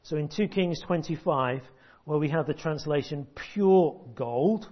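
A man preaching a sermon, emphatic and deliberate, with long pauses, repeated words and sudden hushed drops. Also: on the high side. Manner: drops to a hush at key points. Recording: dull lo-fi recording.

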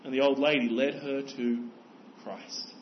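Earnest preaching pastor, dull recording. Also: male voice, medium pitch, steady tone, measured pace, slight background noise. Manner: earnest, exhorting, rhetorical questions. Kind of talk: sermon.

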